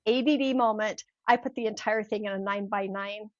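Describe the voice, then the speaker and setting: A woman's voice: mid-range voice, brisk, no echo, muffled recording. An older woman, a mindset coach, telling a personal story in an interview and acting out the voices in it. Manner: animated, acts out voices in her stories. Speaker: podcast guest, mindset coach.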